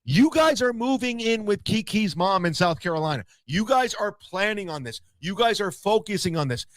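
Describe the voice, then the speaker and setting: A man's voice: high-pitched, very animated, normal speed, no echo. Smug man teasing gossip scoops. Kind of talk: casual stream chat.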